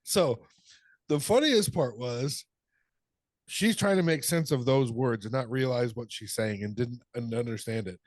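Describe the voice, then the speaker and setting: Also a middle-aged man co-hosting a podcast, he talks in an unhurried, medium-pitched voice with no echo. The casual chat is full of funny stories, laughter, and free swearing.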